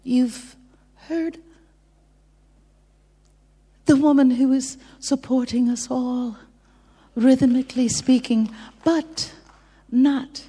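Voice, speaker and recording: A woman bandleader chatting with the audience between songs, drifting into soft near-whispered asides. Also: high-pitched, steady tone, drawn-out words, long pauses, breathy edge. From lived in France twenty-four years. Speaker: bandleader on stage. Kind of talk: stage banter between songs. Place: large concert hall with an audience. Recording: reverberant hall with a faint crowd.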